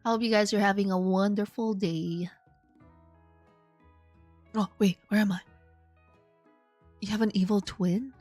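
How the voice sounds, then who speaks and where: A woman's voice: medium pitch, a little slow, pauses often, no room sound, soft background music. A woman streamer playing a game live, joking and chatting animatedly with her viewers. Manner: animated, joking, talks to chat.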